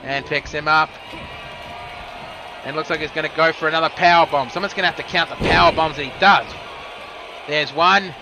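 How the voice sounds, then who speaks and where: A man giving quick move-by-move wrestling commentary, with casual asides. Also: on the high side, steady tone, background noise. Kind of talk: play-by-play commentary.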